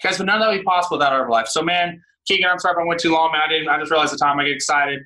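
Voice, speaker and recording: Fired-up man shouting a pep talk. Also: fairly high pitch, racing, poor audio. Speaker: guest speaker on a team call.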